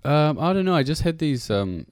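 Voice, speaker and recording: A man's voice: a little high, big pitch swings, moderate pace, a little mellow, smooth, no echo, clean studio sound. A man with a New Zealand accent, a musician guest rambling through an interview with many fillers and restarts. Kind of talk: casual interview chat. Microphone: radio studio mic.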